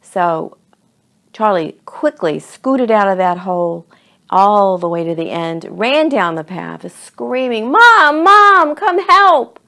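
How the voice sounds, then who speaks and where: A woman reading a children's story aloud in an expressive, dramatic way. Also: fairly low pitch, slow pace, gravelly.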